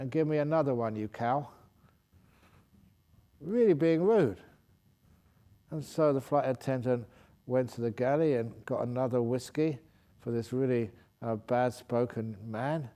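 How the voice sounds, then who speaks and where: A Buddhist monk with a medium-pitched, dark voice tells a joke during a humorous dharma talk. He's playful about it, laughing at his own story and stopping to fix it.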